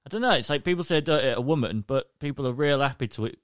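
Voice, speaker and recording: A man's voice: medium pitch, animated, fast talker, dry recording, clean studio sound. A young man, chatting casually on a podcast and rambling with lots of fillers. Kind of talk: casual chat.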